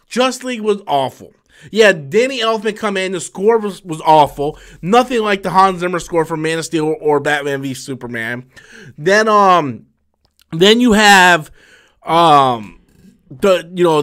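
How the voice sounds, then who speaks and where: A high-pitched man hosting a live stream, talking loosely and heatedly. He swears constantly and trips over his own restarts. His voice sits well above the usual male range. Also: a bit bright. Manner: profane, heated, swears often; many fillers and restarts, loose talk. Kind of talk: casual ranting live stream.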